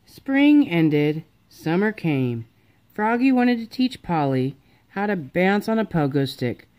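A woman reading a children's picture book aloud, slow and expressive. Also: lowish voice, smooth. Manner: lively, slow and expressive, doing character voices. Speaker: storybook reader. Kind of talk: children's storybook read-aloud.

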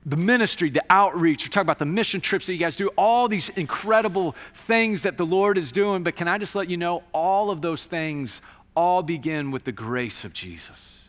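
A man preaching to his congregation in a bright, ringing voice pitched a little high. He talks to the room like friends, surging to loud emphatic peaks and then dropping to a hush. The sound carries a long church-hall reverb. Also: animated, moderate pace. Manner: conversational preaching, swings from loud to hushed. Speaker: pastor. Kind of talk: sermon. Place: church sanctuary.

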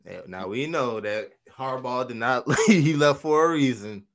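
Dude on a sports pod, mid-pitch voice, keeps fixing what he just said. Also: animated, moderate pace, fairly bright tone. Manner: self-correcting, conversational. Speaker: podcast co-host. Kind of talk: casual sports chat.

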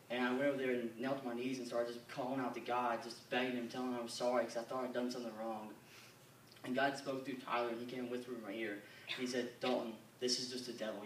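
A man's voice: medium pitch, level tone, a little hiss or hum. Earnest young man in an echoey hall. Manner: earnest, halting, many fillers. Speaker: youth camper giving a testimony. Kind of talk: church testimony. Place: church or camp meeting hall. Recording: echoey hall, mic at a distance.

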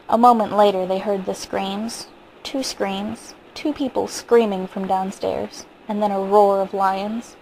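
A woman reading a short story aloud in a calm, measured storytelling manner. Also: medium pitch, slight background noise, poor audio. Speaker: reader.

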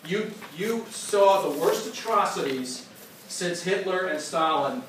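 With a high-sitting voice and slow pace, an American history teacher tells animated stories and answers student questions during a classroom lecture and Q&A, often restarting and repeating words as sentences begin. The recording is distant, echoey and noisy.

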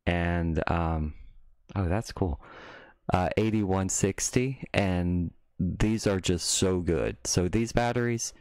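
Rambling low-voiced man on a live stream. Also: slow pace, a little mellow, dry recording. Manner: rambling, self-interrupting, breaks into mocking rants. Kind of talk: casual live-stream chat.

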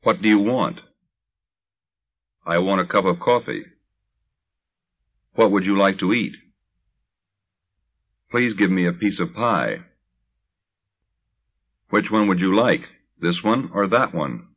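A man reading English practice phrases deliberately for learners, on a dull lo-fi vintage recording. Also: sits low. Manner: deliberate, even drill reading. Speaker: language teacher.

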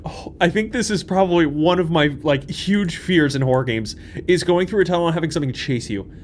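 A young man hosting a horror game playthrough, talking to viewers, jumpy and swinging from hushed muttering to yelps. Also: on the high side, a little fast, a little hiss or hum. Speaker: gaming channel host. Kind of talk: horror game let's play commentary. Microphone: desk microphone.

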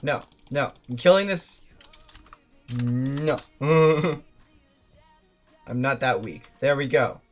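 A gaming streamer giving live commentary, swearing constantly and mocking themself, with loud outbursts and laughter while playing. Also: medium pitch, slow, long pauses, faint music behind.

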